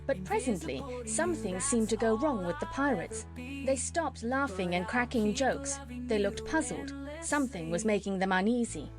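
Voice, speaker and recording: A woman's voice: fairly high pitch, moderate pace, music in the background. Woman narrating a classic children's story. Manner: steady storytelling. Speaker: audiobook narrator. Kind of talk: scripted narration.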